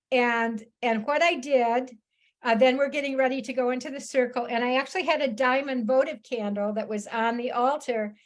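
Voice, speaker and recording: A woman speaking on a video call, telling a personal story in an animated, chatty way with frequent laughs. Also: fairly high pitch. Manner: animated, laughs often, many restarts. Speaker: author and psychotherapist, guest speaker. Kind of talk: casual storytelling talk. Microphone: laptop video call.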